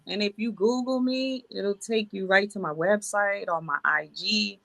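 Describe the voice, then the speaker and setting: Singer guest, woman in her 40s, bright tense tone, friendly, dry close sound. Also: mid-range voice, unhurried, gravelly, no room sound. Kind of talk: casual interview chat.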